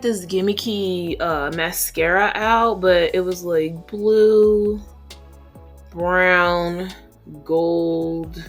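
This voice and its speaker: A woman's voice: fairly low pitch, a bit bright. A young woman chatting casually while doing her makeup, rambling with plenty of fillers. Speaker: beauty vlogger.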